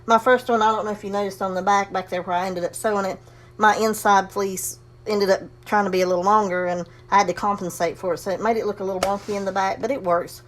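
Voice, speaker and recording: A woman's voice: medium pitch, steady tone, quick pace. A woman casually demonstrating a sewing project, chatty and folksy, talking herself through each step and breathing a little heavily. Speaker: crafting tutorial host.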